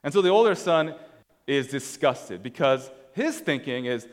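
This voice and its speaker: A man's voice: mid-range voice, expressive, unhurried, big-room sound. A man preaching a sermon in a casual, conversational way, telling a story as he walks through slides. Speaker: pastor.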